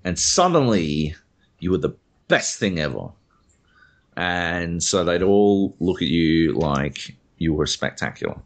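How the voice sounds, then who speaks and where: A man's voice: low voice, sing-song, takes it slowly. A young Australian man, a podcast co-host, rambling through a casual chat and swearing freely.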